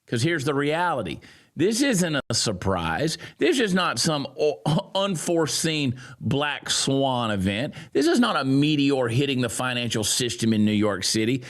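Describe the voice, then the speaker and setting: A man giving sarcastic, mocking political commentary, swinging from loud jeers down to low grumbles. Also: big pitch swings, unhurried. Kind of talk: ranting commentary.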